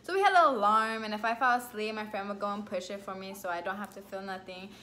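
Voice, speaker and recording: A woman vlogger casually telling a personal story to camera, chatty and lively, full of "like" and "you know", and acting out her own past lines with big leaps in pitch. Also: fast, slight background noise.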